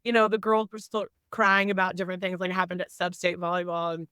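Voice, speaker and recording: Young woman guest, smooth voice, candid storyteller, casual podcast talk. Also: fairly low pitch, little pitch movement, fast talker, pushed and bright, no room sound. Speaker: guest, teacher and coach.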